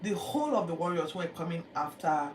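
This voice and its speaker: A Bible teacher, retelling scripture in a lively, chatty way with acted-out quotes. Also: medium pitch, fast, soft background music. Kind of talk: casual Bible-reading commentary. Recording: echoey room, distant mic, background noise.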